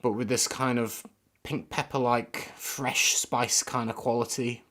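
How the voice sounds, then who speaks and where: A man's voice: mid-range voice, level tone, a little slow, fairly bright tone. A man giving casual, rambling first impressions of fragrances on a live stream, often searching for words. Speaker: fragrance reviewer.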